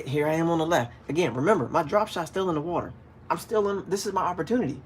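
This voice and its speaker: A man hosting a casual fishing livestream, chatting with viewers and acting out stories with sudden loud calls. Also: on the high side, quick pace, a little hiss or hum. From DC, Maryland, Virginia area. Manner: animated storytelling, acts out shouted calls. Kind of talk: casual livestream chat, reading viewer comments.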